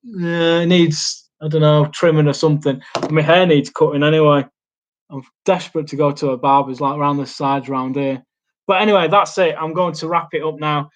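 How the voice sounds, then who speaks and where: A man's voice: on the high side, fairly even intonation, moderate pace. A young man hosting a casual live Q&A from a small home studio, rambling and hesitant, with lots of ums and restarts. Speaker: YouTube host. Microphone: laptop mic.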